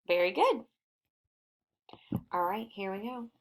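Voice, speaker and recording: A woman reading teacher giving a recorded phonics lesson to young children, sounding out words slowly and patiently. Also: mid-range voice.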